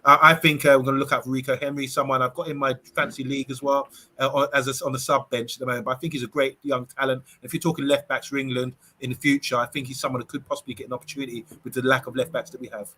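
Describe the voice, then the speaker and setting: Man, bright forceful voice, quick, football panelist, frequent fillers. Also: medium pitch, level tone. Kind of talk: casual football chat.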